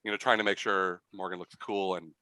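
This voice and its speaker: Bright-voiced male game master. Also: deep voice, level tone, a little fast, clean tone, no room sound, low-quality recording. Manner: rambling, full of fillers. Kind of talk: narrating a tabletop game.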